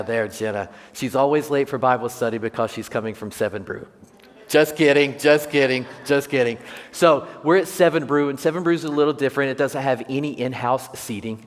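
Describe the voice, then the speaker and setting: A man preaching a sermon, telling humorous personal stories and asking the congregation questions. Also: medium pitch. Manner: jokey storyteller, asks the congregation questions. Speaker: pastor. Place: large church sanctuary. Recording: long church hall reverb.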